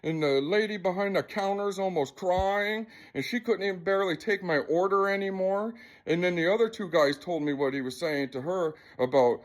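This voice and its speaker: A man's voice: fairly high pitch, lively intonation, normal speed. A man vlogging to camera, retelling an incident in a rambling, agitated and profane way. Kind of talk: casual storytelling to camera.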